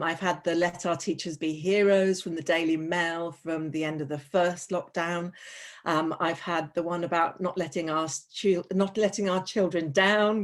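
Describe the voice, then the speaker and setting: A woman presenting a teacher wellbeing webinar, chatty and frank, with frequent ums, restarts and sarcastic asides. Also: fairly low pitch.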